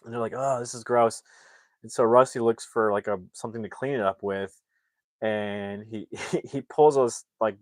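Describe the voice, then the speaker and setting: A man's voice: lowish voice, dry recording. A man casually retelling a movie's plot on a livestream, rambling with many fillers and acting out the characters' lines. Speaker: movie recap streamer.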